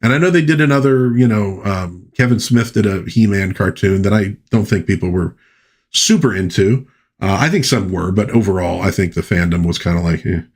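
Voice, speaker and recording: A man hosts a pop culture podcast in a low, slightly rough voice, talking fairly quickly. His casual commentary rambles in a folksy way, full of asides.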